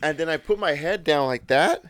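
A man's voice: a little high, normal speed. A man in his thirties hosting a podcast in casual chat, telling stories with a lot of laughter and swearing. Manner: animated, laughing storyteller who swears freely. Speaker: podcast host.

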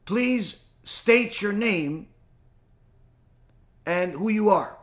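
A man voicing a revered old rabbi and sage who calmly commands and reassures a frightened congregation. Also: high-pitched, extremely slow, exaggerated voice. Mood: commanding.

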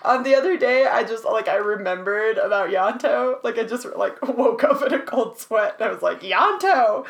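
A woman's voice: a little high, moderate pace, vocal fry, few pauses. Giggly young-sounding woman chatting. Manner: laughs often, swears casually. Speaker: co-host reading trivia. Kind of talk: casual chat, trivia game.

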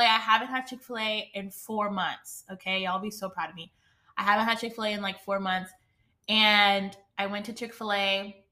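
A young woman talks casually on her podcast in a bright, forward voice. She rambles through a personal story, full of asides and emotion. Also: medium pitch. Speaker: podcast host.

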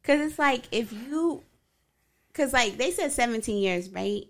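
A woman's voice: on the high side, lively intonation, unhurried. A woman co-hosting a podcast in casual chat, blunt and profane, laughing often. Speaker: podcast co-host.

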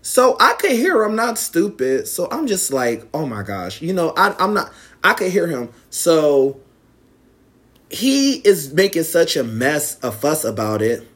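A man's voice: on the high side, measured pace. A young man casually telling a personal story to viewers, acting out the quoted lines in a raised voice. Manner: animated, acts out quotes in raised voice.

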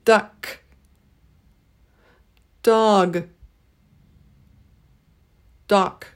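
A woman leading a pronunciation drill, saying each word twice, clearly and slowly. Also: medium pitch, fairly even intonation. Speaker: pronunciation teacher. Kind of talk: slow, deliberate pronunciation drill.

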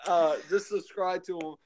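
A man's voice: high voice, fairly even intonation, slow, background noise. A young man from Pennsylvania co-hosting a casual podcast, swearing often and laughing easily. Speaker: podcast co-host. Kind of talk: casual chat.

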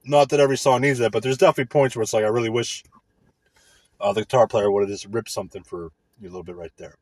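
A man's voice: fairly low pitch, steady tone, fast, no room sound. A man hosting a music show, chatting casually in a crude, profane, rambling way with lots of restarts. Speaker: radio music show host.

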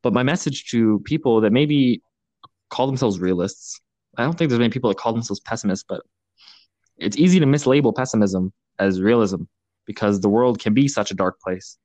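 A young man hosting a podcast, talking in an earnest, reflective way, pausing often with fillers. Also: mid-range voice, warm tone, no echo. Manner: earnest, thoughtful, halting with many fillers. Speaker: podcast host. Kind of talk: reflective casual podcast talk.

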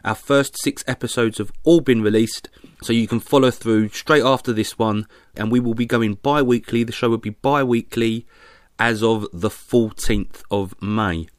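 A man's voice: medium pitch, steady tone, moderate pace, no room sound. Laid-back man hosting a podcast. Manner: laughing, jokey banter. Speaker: podcast host. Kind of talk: casual chat.

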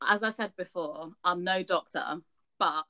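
A young woman co-hosting a podcast retells a story in a chatty, animated way, swearing often. Her voice is lowish and her delivery unhurried.

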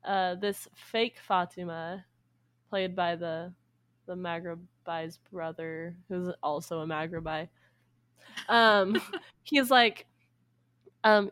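A woman's voice: on the low side, fairly bright tone, clear, resonant tone, no echo. Giggly young woman retelling a story. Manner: laughs often, acts out characters with quick voices. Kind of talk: casual storytelling chat.

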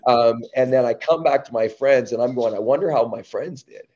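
A man from Canada, a guest on an interview podcast, telling a story with restarts and lively acted-out quotes. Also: medium pitch, moderate pace, highs cut off. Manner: animated storyteller, many restarts, acts out quotes. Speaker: podcast guest, breath-work company founder.

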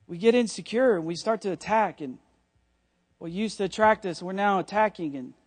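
A male pastor with a notably high voice preaches to his church in an animated, joking way. He breaks off into quick asides, teasing himself and the room as he makes his points. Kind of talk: sermon.

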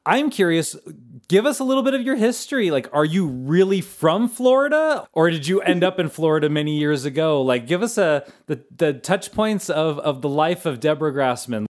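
A man's voice: fairly high pitch, big pitch swings, moderate pace. A man co-hosting a podcast in casual chat, playful and joking, sometimes tripping over his words. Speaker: podcast co-host.

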